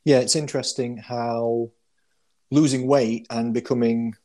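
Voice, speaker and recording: A man hosting a podcast, speaking in an encouraging, reflective and measured way. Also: mid-range voice, fairly even intonation, dark tone. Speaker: podcast host. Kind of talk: casual interview chat.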